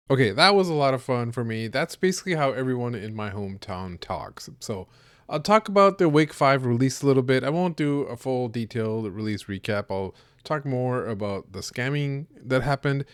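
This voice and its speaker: A man's voice: mid-range voice, expressive, moderate pace, smooth, dry recording. Male podcast host, Canadian accent, casual analytical talk; resonant voice, dead-dry close mic. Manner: conversational, analytical, mildly exasperated. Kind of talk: casual solo commentary.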